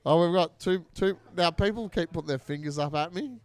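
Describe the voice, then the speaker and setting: A man's voice: fairly high pitch, fairly quick, a little mellow. An Australian man hosting a fundraiser stream, chatting casually and joking at his own expense, laughing often. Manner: jokey, self-mocking, laughs often. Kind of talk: casual chat.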